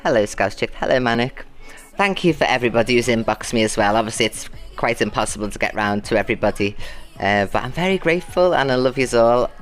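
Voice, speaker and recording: A woman's voice: extremely low pitch, lively intonation, quick pace, faint music behind. A woman chatting casually on a live stream, greeting and thanking her viewers by name and turning defiant about an abuser. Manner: chatty, greets viewers and calls them loves and babes.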